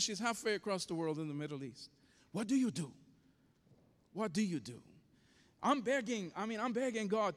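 Passionate preacher guy telling a story, lively up and down voice, echoey hall. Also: sits high, moderate pace, long pauses. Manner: impassioned storytelling, acting out voices. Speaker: pastor.

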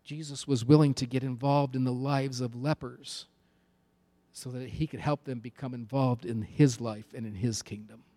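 A man's voice: medium pitch, fairly even intonation, moderate pace, mellow. A man preaching a sermon with an emphatic, repetitive cadence.

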